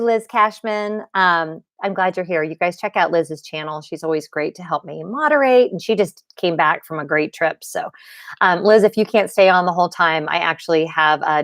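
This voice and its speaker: A woman with a slightly low, dry-sounding voice hosts a casual livestream from her desk at home. She talks in a loose, chatty way, with plenty of fillers, and greets viewers by name as she goes. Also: no room sound. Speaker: livestream host.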